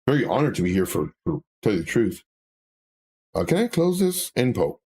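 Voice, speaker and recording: Animated husky-voiced man chatting on a live stream. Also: fairly low pitch, moderate pace. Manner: animated, candid, with filler words and self-corrections. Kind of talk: casual live-stream chat reading comments.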